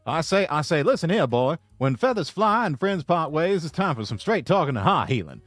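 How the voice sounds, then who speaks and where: A man doing a pompous, loud old cartoon rooster in a put-on Southern drawl, stammering "I say, boy" as he lectures. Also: fairly high pitch, big pitch swings, fairly quick, no room sound, faint music behind. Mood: lecturing. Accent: American Southern (put on).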